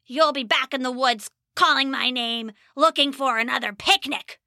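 A woman's voice: high-pitched, moderate pace, sharp tone, dry recording, studio quality. A woman voicing a big, sly male goblin that taunts and wheedles in a storybook reading. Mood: taunting.

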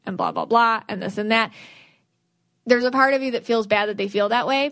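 A woman's voice: fairly high pitch, steady tone, fairly quick, no room sound. Earnest woman giving spiritual advice. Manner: earnest, rambling, restarts sentences. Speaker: podcast host, aura reader.

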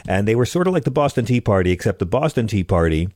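Low-voiced wry radio host. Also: male voice, big pitch swings, quick pace, a little mellow, dry recording, clean studio sound. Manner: wry, joke-telling, builds to punchlines. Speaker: radio talk show host. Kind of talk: comedic call-in radio talk.

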